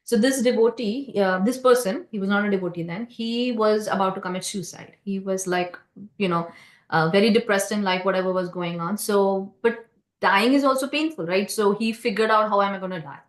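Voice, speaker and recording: A woman giving a scripture class at a temple. She tells stories conversationally, halting with many fillers and restarts and often asking "right?" to the listeners. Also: medium pitch, reverberant. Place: temple hall.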